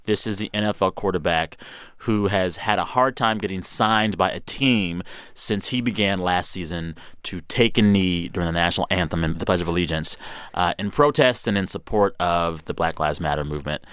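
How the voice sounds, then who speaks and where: A man's voice: low-pitched, moderate pace, clean tone, no echo. A man hosting a casual news podcast, reading quotes aloud and joking with his co-hosts. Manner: animated, playful, reads quotes aloud. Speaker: podcast host.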